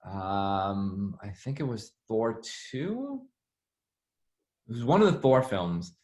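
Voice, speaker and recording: A man being interviewed, telling stories in a chatty, animated way with lots of "like". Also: fairly low pitch, takes it slowly. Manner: chatty, animated, heavy use of "like". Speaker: interview guest, former assistant. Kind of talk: casual storytelling interview.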